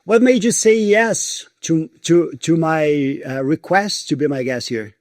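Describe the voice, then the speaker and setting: A man's voice: fairly high pitch, a little slow, no room sound, clean studio sound. A man from Brazil with a Brazilian Portuguese accent, hosting a podcast and asking casual, friendly questions. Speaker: podcast host. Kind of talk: conversational interview.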